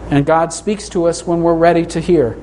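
A middle-aged man preaching a sermon in a church, earnest, slowing down to read scripture and lifting his voice for emphasis. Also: steady tone, mellow, a little hiss or hum. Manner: earnest, rises in pitch for emphasis, reads scripture slowly. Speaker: pastor. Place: church sanctuary.

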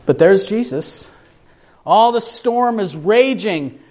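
This pastor has a high voice with lively intonation and a slow pace. His sermon shifts between hushed and raised tones as he asks the congregation questions and acts out the quoted voices in the story.

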